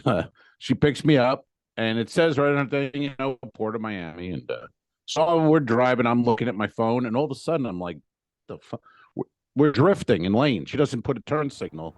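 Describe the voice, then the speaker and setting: A man's voice: mid-range voice, moderate pace, no echo. A man co-hosting a comedy podcast, telling a story in a casual, profane way and acting out his own exclamations. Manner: animated, profane, acts out exclamations. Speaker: podcast co-host.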